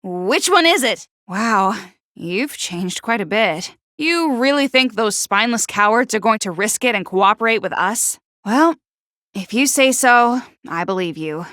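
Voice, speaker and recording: A woman voicing a gloomy, sharp-tongued teenage schoolgirl for a video game, with a nervous stutter and snide, sarcastic put-downs. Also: medium pitch, lively intonation, unhurried, no echo, clean studio sound. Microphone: close studio mic.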